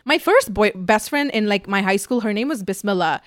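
A woman and vlogger telling gossip stories in a lively casual chat, often quoting others. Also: mid-range voice, a little fast, no room sound, studio quality. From United States. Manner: animated storytelling, quoting others.

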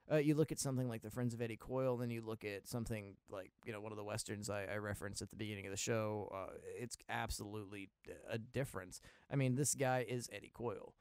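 A man hosting a podcast, talking about films in a rambling, profane way, full of restarts and sudden loud bursts. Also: on the low side, smooth, dry recording, clean studio sound. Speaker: podcast host. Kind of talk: casual film review monologue.

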